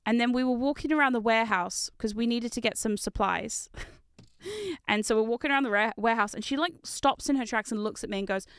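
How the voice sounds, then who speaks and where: A woman streamer chatting casually with viewers while building Lego, excitable and giggly, and swearing when something goes wrong. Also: a little high, fairly quick, smooth, no echo. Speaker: VTuber streamer.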